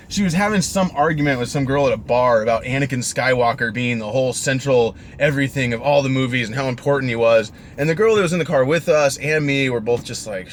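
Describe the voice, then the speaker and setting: A man's voice: medium pitch, slight background noise. A young man and rideshare driver casually telling stories in a chatty, exasperated way, full of fillers. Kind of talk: casual storytelling vlog.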